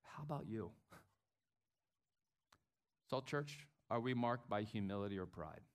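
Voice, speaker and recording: A middle-aged man preaching a sermon as pastor, acting out quotes with big swings in loudness. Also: fairly low pitch, expressive, a little slow.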